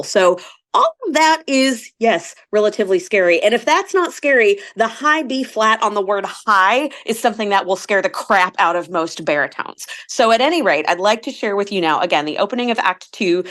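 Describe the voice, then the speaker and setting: A woman hosting a casual opera podcast, talking in an enthusiastic, joking way. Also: fairly low pitch. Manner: enthusiastic, jokey. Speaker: podcast host.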